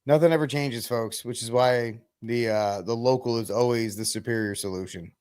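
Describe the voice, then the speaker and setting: A man hosting a podcast, joking in casual chat with loud bursts and halting fillers. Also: medium pitch, smooth. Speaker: podcast host.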